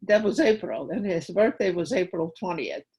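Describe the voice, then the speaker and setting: A woman's voice: on the low side, lively intonation, normal speed, darkish tone, breathy edge, low-quality recording. An older woman giving personal testimony to a school audience, retelling her memories vividly and acting out the dialogue. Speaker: guest speaker at a school.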